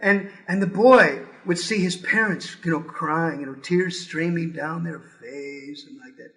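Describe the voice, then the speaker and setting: A spiritual teacher telling animated stories in a talk, pausing for a translator and acting out the voices in them. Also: male voice, a little high, low-quality recording. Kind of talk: storytelling talk with live translation.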